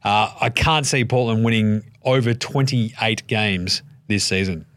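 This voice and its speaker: A man's voice: on the low side, measured pace, fairly bright tone, dry recording, clean studio sound. Profane Australian man riffing on basketball. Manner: profane, jokey, acts out quoted voices. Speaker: podcast host. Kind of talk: solo sports podcast commentary.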